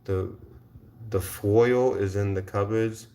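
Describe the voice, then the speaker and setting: Livestream host, male, low-voiced, heated and taunting. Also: fairly even intonation, takes it slowly, mellow. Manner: confrontational, repeats rhetorical questions; swears, taunts viewers in chat.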